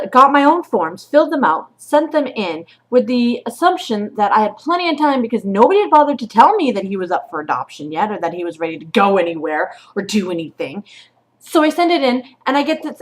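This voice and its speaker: Venting woman, swearing and blunt. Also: fairly high pitch. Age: adult with a child. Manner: swears and vents, swinging from quiet to loud. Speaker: vlogger. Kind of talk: casual venting vlog.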